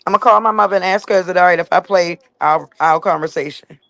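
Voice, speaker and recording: Blunt gravelly woman ranting on a live stream. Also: fairly low pitch, fast talker, a bit bright, no echo. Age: adult with children. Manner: blunt and emphatic, keeps punctuating with "facts" and "period". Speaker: livestreamer talking to viewers. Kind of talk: casual live stream rant.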